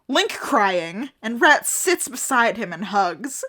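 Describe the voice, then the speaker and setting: A woman's voice: a little high, big pitch swings, bright, forceful tone. A woman co-hosting a podcast, reading fan fiction aloud and chatting, giggling often. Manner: giggly, slow and drawn out, often laughing. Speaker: podcast co-host.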